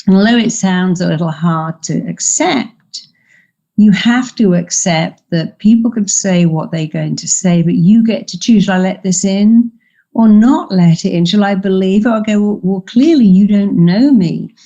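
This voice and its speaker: A woman's voice: medium pitch, normal speed, mellow, highs cut off. An older woman, a therapist, giving emphatic coaching advice in a podcast interview and acting out quoted voices. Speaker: therapist and guest speaker.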